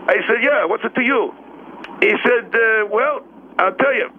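A man with a very high voice calls in over a thin, tinny phone line. He rambles through a story in broken, halting English, stumbling and getting worked up. Faint hiss sits under the call. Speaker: caller. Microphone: telephone.

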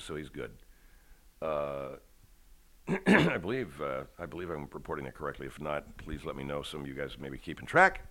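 A man's voice: a bass voice, bright, forceful tone. A man hosting a podcast, rambling casually with profane, self-deprecating humor at home. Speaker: podcast host. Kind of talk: casual chat.

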